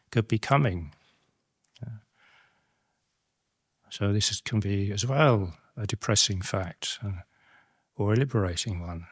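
Halting, low-voiced middle-aged Buddhist teacher. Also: male voice, husky, no echo, studio quality. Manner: halting and reflective, many restarts and tag questions. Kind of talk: Dhamma talk.

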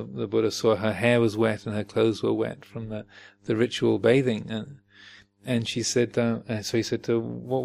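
A man's voice: mid-range voice, vocal fry, slight background noise. A man giving a storytelling dharma talk in a hesitant way, with many fillers. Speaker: dharma teacher.

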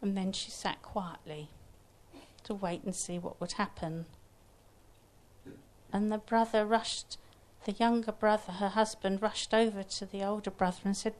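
A woman storyteller telling a folktale aloud in an unhurried, gentle way with small restarts. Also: mid-range voice, steady tone.

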